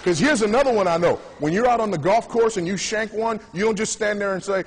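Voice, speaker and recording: A man's voice: high-pitched, fast talker, slight background noise. A man hosting a TV show, giving preachy commentary in an emphatic, sarcastic way. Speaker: TV show host.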